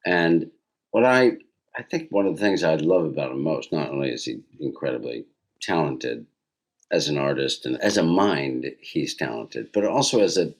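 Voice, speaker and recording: A man in his sixties with a deep, low voice that swings widely as he talks. He is a guest in a relaxed interview, an animated storyteller who slips into the voices of the people in his anecdotes. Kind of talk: casual interview conversation.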